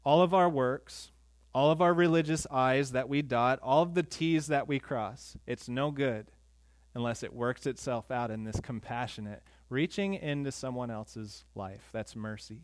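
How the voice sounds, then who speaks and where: A male pastor preaching a sermon in a conversational, earnest way, with quick asides to the congregation. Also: mid-range voice, no echo.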